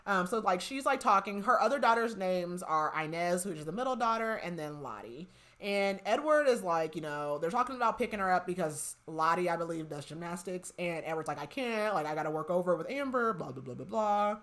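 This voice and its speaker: A young woman with a fairly low, slightly bright voice hosts a podcast, chatting expressively and at a fairly quick clip. She casually recaps a novel's plot, quoting lines from scenes and saying "like" constantly.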